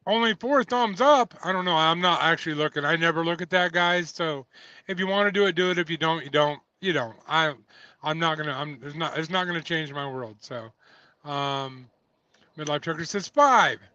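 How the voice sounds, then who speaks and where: Hosting a casual trucking livestream, a man reads viewer comments aloud, chats away, and laughs a lot. His voice is a little high, bright, and forceful, at a normal pace. The audio is dull, lo-fi, and dry, with no room sound.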